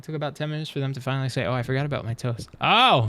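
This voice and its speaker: Lively, gravelly-voiced male streamer. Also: on the high side, rapid-fire, few pauses. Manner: animated, chatty, swears freely. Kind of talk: casual chat reacting to videos.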